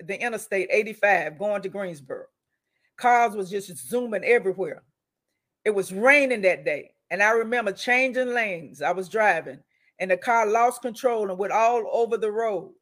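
A woman hosting a faith broadcast in a preaching style. Her pitch sits mid-range, and she is emphatic and repetitive, driving her points home and calling out to her listeners. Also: a bit bright. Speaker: host and prayer leader.

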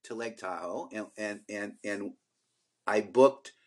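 A man's voice: fairly low pitch, slow, a little hiss or hum. An older man co-hosting a podcast, telling long stories in a casual, rambling way with lots of fillers. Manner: rambling, animated storyteller with many fillers. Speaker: podcast co-host. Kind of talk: casual storytelling chat.

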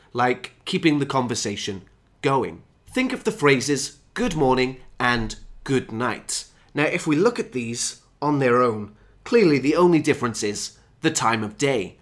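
A man explains everyday phrases like a teacher, his pitch rising and falling in an animated way. He speaks clearly and acts out the example phrases as he goes. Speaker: English teacher. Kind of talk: scripted podcast lesson.

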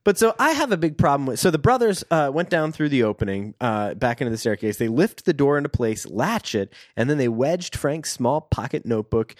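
A man's voice: medium pitch, fairly quick, hardly any pauses, no room sound, clean studio sound. A man co-hosting a podcast, reading passages from a book aloud and wryly picking them apart. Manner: animated, wry, laughs often. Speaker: podcast co-host.

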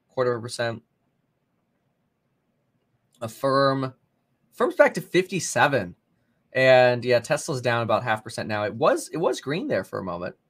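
Animated man calling live stock moves. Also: mid-range voice, gravelly. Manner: casual, thinking aloud, bursts of excited exclamations. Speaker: stock market livestream host. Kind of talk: live market commentary.

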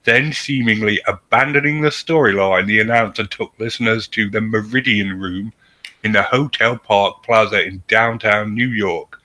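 A man's voice: on the low side, normal speed, sharp tone. A man with a cold, co-hosting a podcast in a dry, sardonic, swearing manner. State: has a cold. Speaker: podcast co-host. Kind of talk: casual chat and reading notes.

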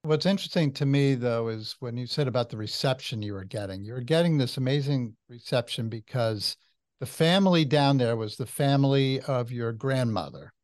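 A man's voice: medium pitch, normal speed, darkish tone, no room sound, studio quality. A man interviewing a guest, asking leading, conversational questions.

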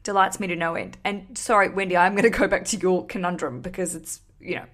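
A woman from Australia, hosting a podcast in a chatty, animated way. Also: lowish voice, quick pace. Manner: chatty, animated, swears casually. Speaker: podcast host. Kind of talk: casual podcast chat.

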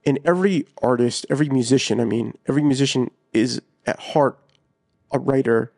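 A man co-hosting a casual podcast, speaking in an easygoing, halting way. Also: medium pitch, gravelly, a little mellow, no echo, studio quality. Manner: easygoing, halting, lots of fillers. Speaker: podcast co-host.

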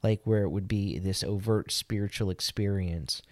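A man's voice: fairly low pitch, fairly even intonation, normal speed. A man co-hosting a casual faith podcast, wry and fond of explaining with wordplay. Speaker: podcast co-host. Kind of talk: casual chat.

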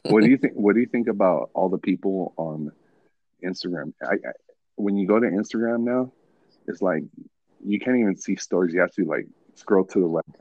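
A man's voice: deep voice, fairly quick, husky, no echo, dull audio. A man hosting a podcast in casual, laid-back chat, swearing often and calling people bro and dude. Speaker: podcast host.

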